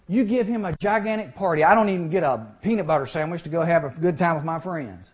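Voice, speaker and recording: A man preaching to young people, folksy and animated, often asking the crowd questions and acting out the people in the story. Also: on the high side, fairly quick. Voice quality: animated, acts out voices in the story. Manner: folksy, talks to the audience with questions. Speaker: youth speaker. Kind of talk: sermon. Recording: muffled lo-fi recording.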